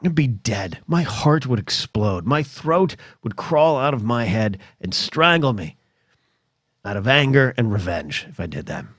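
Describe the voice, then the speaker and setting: An American man hosting a solo podcast, rambling in an animated comedic rant that is full of restarts, swearing and mock voices. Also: mid-range voice, unhurried, dry recording, studio quality. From United States.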